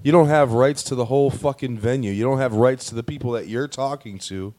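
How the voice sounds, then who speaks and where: A man's voice: mid-range voice, brisk, dark tone, dry recording. Blunt joking man on a dry mic. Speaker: podcast co-host. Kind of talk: casual podcast chat.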